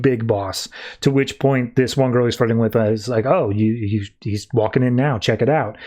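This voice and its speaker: A man's voice: medium pitch, darkish tone. A man hosting a podcast, casually recapping a comic book in a rambling storytelling way. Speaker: podcast host.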